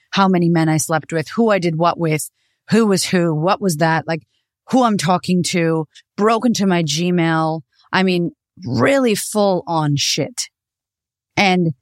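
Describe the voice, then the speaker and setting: A woman's voice: low voice, no echo. Woman podcast host, raw and profane, dry close recording. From United States. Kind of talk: candid personal storytelling.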